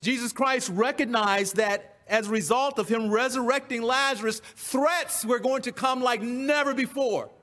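A man's voice: extremely high pitch, normal speed, hardly any pauses, sharp tone. A man preaching a sermon, repeating key phrases with emphasis. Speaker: pastor.

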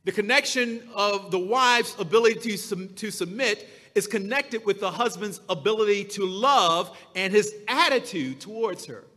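A man preaching a sermon as pastor, slow and emphatic, drawing out his key words. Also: sits high, lively intonation, pushed and bright, long reverb tail.

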